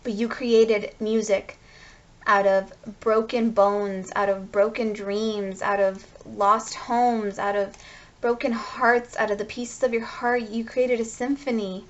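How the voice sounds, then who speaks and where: A woman's voice: mid-range voice, level tone, slow, dull audio. A woman giving a tarot card reading, gushing and speaking straight to her viewers. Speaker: tarot reader.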